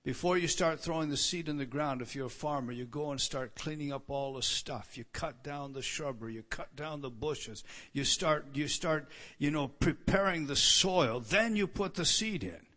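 A man preaching a sermon in an emphatic, repetitive way, lifting his voice on the words he wants to stress. He often stumbles and restarts his phrases. His speaking voice sits fairly high for a man. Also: moderate pace, pushed and bright. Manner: stammering restarts. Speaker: pastor. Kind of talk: expository sermon.

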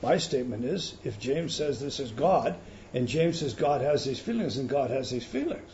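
A man preaching a sermon in an emphatic teaching manner, swinging between loud stresses and quiet intensity. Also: medium pitch, lively intonation, normal speed, dull audio, a little hiss or hum.

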